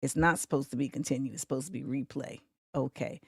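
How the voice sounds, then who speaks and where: A woman in her forties hosting a livestream talk show, chatting animatedly and breaking into sing-song shout-outs to the chat. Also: extremely low pitch, steady tone, fast, vocal fry, husky, no room sound, clean studio sound. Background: faint music.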